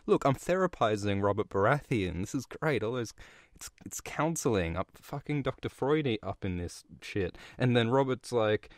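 A man's voice: medium pitch, lively intonation, normal speed, dry recording, studio quality. A man hosting a podcast, retelling a book chapter in an irreverent, sweary comedic style with frequent fillers. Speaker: podcast host.

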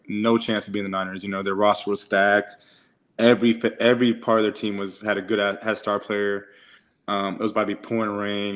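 A man's voice: fairly low pitch, a bit bright. A young man in his twenties, co-hosting a podcast and telling stories in slangy, profane casual chat full of "like"s. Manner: slangy, profane storytelling with many "like"s. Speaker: podcast co-host.

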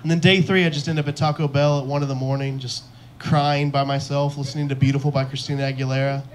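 A man's voice: medium pitch, level tone, fast, a little hiss or hum. A young man doing a stand-up comedy set on a club stage, telling self-mocking stories and acting out the lines of the people in them. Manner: self-deprecating storytelling, acts out quotes.

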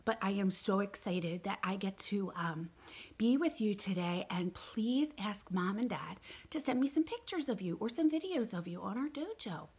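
A young woman teacher reads a picture book to small children in a soft, sing-song way. Her breathy voice swoops up and down with lively pitch. She sounds gentle and coaxing. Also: moderate pace. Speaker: preschool teacher.

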